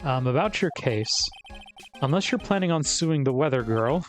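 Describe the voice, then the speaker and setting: A man's voice: mid-range voice, animated, normal speed, faint music behind, natural voice. A man voicing a weary young male defense lawyer who answers with patient, dry sarcasm.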